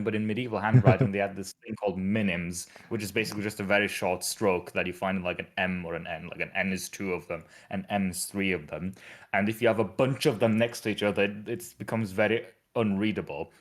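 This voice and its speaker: A man with a Northern English accent, chatting casually and rambling on while he streams his compiler work. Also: on the low side. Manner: rambling, animated explainer. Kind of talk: casual live-stream chat.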